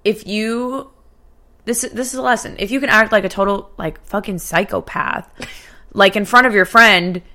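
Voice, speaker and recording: Bright-voiced young woman chatting casually. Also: mid-range voice, moderate pace. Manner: animated, swearing, laughs often. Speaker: podcast co-host. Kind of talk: casual chat.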